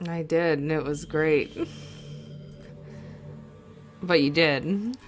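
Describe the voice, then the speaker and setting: A woman's voice: low voice, very slow, soft background music. A young woman playing a game and commenting on it, jumpy and nervous, often laughing. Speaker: let's play host.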